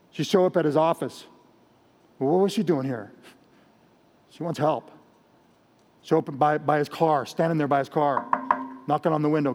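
A man's voice: on the high side, normal speed, pauses often, darkish tone, a little hiss or hum. A man with a Mexican American accent preaching a sermon as pastor, earnest and direct, often repeating his phrases. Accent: Mexican American English. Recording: long hall reverb.

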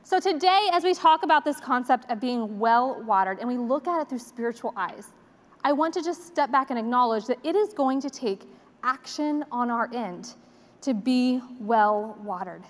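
A woman's voice: a little high, lively intonation, normal speed. A woman in her forties giving a conversational sermon, a chatty, self-deprecating storyteller. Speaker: church speaker. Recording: long reverb of a large hall.

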